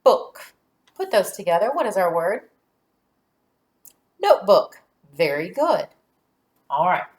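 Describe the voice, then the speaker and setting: Slow, lively-voiced woman teaching phonics. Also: medium pitch. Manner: sounds out letters and syllables slowly and deliberately; encouraging, praises answers. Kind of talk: phonics lesson for young children.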